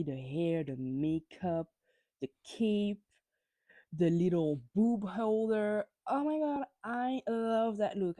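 A woman hosts a podcast where she rants through a gossipy recap of reality TV, swearing freely and tripping over her words when she gets worked up. Her voice is lowish and mellow, and the recording is dry.

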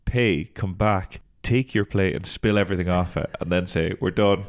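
A man's voice: low voice, moderate pace. A young man co-hosting a podcast, chatting bluntly and joking. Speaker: podcast co-host. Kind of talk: casual chat.

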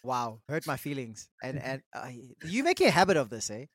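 A man's voice: mid-range voice, a little fast, dry recording, studio quality. A man co-hosting a podcast, joking around in casual chat. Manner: playful, jokey, lively delivery. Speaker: podcast co-host.

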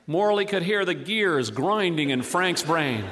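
A man telling a humorous story with wry, deliberate comic timing. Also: sits high, fairly bright tone, long reverb tail, slight background noise.

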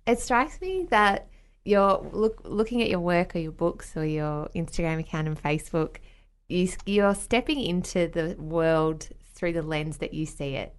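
A woman's voice: fairly low pitch, normal speed, smooth. A woman hosting a casual interview, affirming her guest and asking reflective questions.

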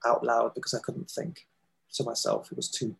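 A man gives earnest, halting testimony in an interview. His voice is gravelly and husky, with very little rise and fall in pitch. He pauses often as he searches for words. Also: little pitch movement, poor audio. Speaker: guest, foundation founder.

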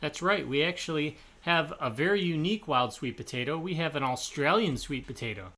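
A man's voice: fairly high pitch, animated, brisk, pushed and bright. A man co-hosting a history podcast, speaking in a friendly, joking way with plenty of fillers, recorded in a bar. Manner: friendly, joking, filler-heavy sign-off talk. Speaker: podcast co-host. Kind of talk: casual history podcast chat.

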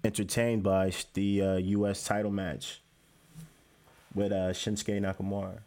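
A man's voice: fairly low pitch, level tone, measured pace, dark tone. A man co-hosting a podcast, talking bluntly and casually, with some swearing. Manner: blunt, profane, laid-back. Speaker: podcast co-host. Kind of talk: casual wrestling chat.

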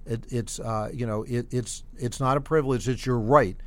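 A man's voice: medium pitch, steady tone, moderate pace, no echo. A man speaking as a podcast guest, explaining at length and repeating words as he goes. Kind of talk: casual interview.

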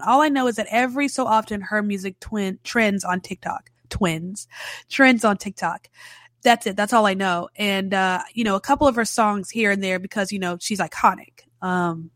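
A woman's voice: mid-range voice, fairly quick, fairly bright tone, dry recording. Chatty woman reviewing a film, dry sound. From Louisiana. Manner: chatty, sarcastic, lots of fillers. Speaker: podcast host, film reviewer. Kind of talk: casual spoken film review.

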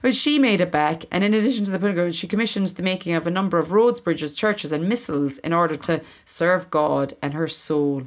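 A woman's voice: fairly low pitch, fairly quick, few pauses. An Irish woman co-hosting a podcast, reading out history notes in a chatty way with fillers and restarts. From Ireland. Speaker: podcast co-host.

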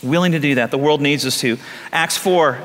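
A pastor preaching a sermon, telling stories and repeating lines for emphasis. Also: male voice, fairly high pitch, normal speed, a bit bright. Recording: long hall reverb.

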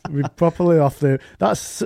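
A man's voice: fairly high pitch, moderate pace, gravelly. A man co-hosting a podcast, bantering and teasing his co-host in casual chat. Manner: banter, teasing, trails off quietly.

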